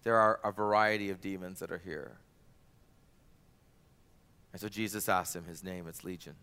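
Male pastor, sermon delivery, bright tense tone, animated. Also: sits low, normal speed, smooth. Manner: animated, rises loud for quoted cries.

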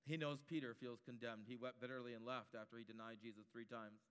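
A man's voice: mid-range voice, fairly even intonation, a little fast, a bit bright, smooth, in a large hall. A man preaching a sermon, building his points through emphatic repetition.

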